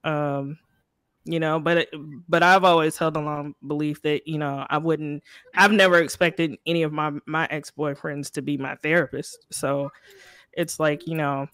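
A woman's voice: sits low, fairly even intonation, normal speed, a bit bright, clear, resonant tone, no room sound, clean studio sound. A woman co-hosting a casual podcast, hesitant and full of "you know" and "um". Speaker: podcast co-host.

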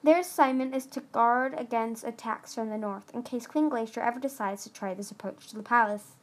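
A woman's voice: fairly high pitch, brisk, natural voice. A woman reading the part of a huge, cold male dragon who snaps out curt orders. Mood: stern.

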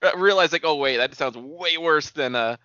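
A man's voice: on the high side, normal speed, sharp tone, clean tone, no echo. A man co-hosting a podcast in casual, crude banter. He rambles eagerly and laughs easily. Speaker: podcast co-host. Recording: dull lo-fi dry sound.

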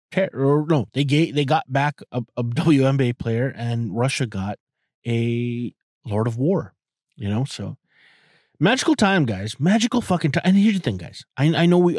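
A man's voice: medium pitch, darkish tone, no room sound, clean studio sound. A man in his forties hosting a podcast, rambling in a casual, profane monologue full of fillers. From outside the US. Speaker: podcast host.

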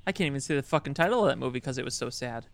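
A male podcast host with a smooth, clear voice, heard close and dry. He needles his guests with fast, profane comedy banter. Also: mid-range voice, animated, no room sound. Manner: quick, teasing, swears. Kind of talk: improvised comedy chat.

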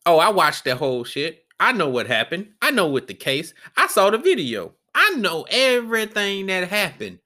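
A man hosts a solo podcast with no script, talking bluntly and with plenty of profanity. His voice is bright and forceful, and he keeps circling back over his own sentences. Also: high voice, huge pitch swings, moderate pace, hardly any pauses. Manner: blunt, profane and rambling, with repeated restarts. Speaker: podcast host. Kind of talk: unscripted solo podcast rant.

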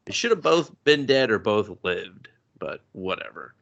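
Bright-voiced male co-host, swears freely, animated recap chat. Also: fairly low pitch, normal speed, creaky, highs cut off. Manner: profane, animated, acts out quotes. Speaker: podcast co-host. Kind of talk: casual anime recap chat.

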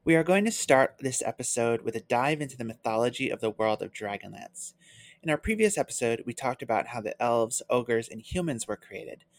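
Podcast host reading a script, measured n explanatory, dead dry sound. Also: medium pitch, expressive, no room sound.

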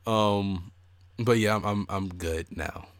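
The young man speaks slowly, his voice on the low side, in a dry recording. As a podcast co-host in casual conversation, he animatedly tells stories and voices other people's quotes.

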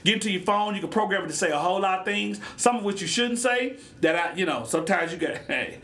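Animated bright-voiced man riffing on a podcast. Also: high-pitched, fast talker. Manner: animated, joking, talks in topics and sidebars. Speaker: podcast host. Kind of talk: casual solo podcast monologue.

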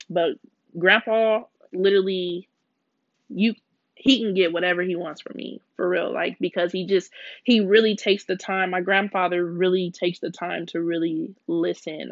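A woman's voice: on the low side, dry recording, highs cut off. A young adult woman hosting a faith podcast, talking candidly and emotionally in a casual, slangy way. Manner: emotional, confessional storytelling. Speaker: podcast host.

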